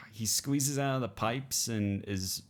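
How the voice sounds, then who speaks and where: A man's voice: medium pitch, slow. A young man co-hosting a podcast, chatting casually about a film and rambling with many restarts. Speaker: podcast co-host. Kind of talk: casual film review chat.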